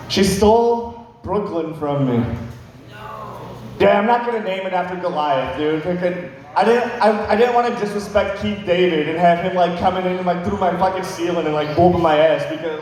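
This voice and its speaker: Profane rambling young comic in echoey hall. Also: male voice, high voice, moderate pace, darkish tone. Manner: rambling, profane, filler-heavy. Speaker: stand-up comedian. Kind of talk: stand-up comedy storytelling. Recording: echoey hall with long reverb.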